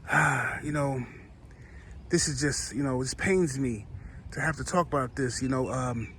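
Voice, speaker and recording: A man's voice: sits high, big pitch swings, fast, slight background noise, voice pushed up, exaggerated voice. A man doing a mocking impression of a bombastic, preachy middle-aged sports pundit. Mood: mock somber. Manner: mocking, exaggerated, swinging from loud ranting to fake somber.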